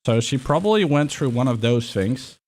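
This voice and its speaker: A man's voice: medium pitch, moderate pace. A young man chatting casually on a livestream, rambling and swearing freely. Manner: excitable, swears a lot, rambling.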